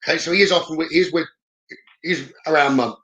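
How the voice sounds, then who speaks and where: A man's voice: on the high side, steady tone, brisk, bright, forceful tone, dull audio. A man working as a psychic medium in a live reading, relaying messages in a reassuring way and often checking in with "okay?". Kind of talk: live-streamed spirit reading.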